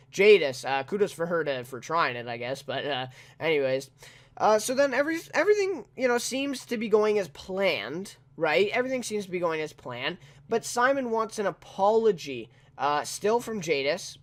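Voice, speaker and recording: A man with a fairly high voice talks through a TV episode review in a loose, off-the-cuff way. He leans on fillers and keeps tacking questions onto the ends of his sentences. He chuckles as he goes. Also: fairly bright tone. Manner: rambling, heavy on fillers and tag questions; chuckles often while talking. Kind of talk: casual spoken review.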